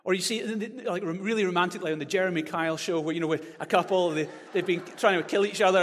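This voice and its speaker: Animated preacher in a big hall. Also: male voice, sits high, quick pace, hardly any pauses. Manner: animated, rising to loud proclamation. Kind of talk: sermon. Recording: reverberant hall.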